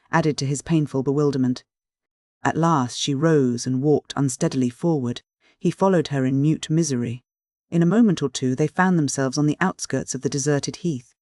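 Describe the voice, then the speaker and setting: Measured audiobook reader, dry close sound. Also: medium pitch, a little mellow, no echo. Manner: measured, literary reading. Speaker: audiobook narrator. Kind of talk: scripted narration of a Victorian story.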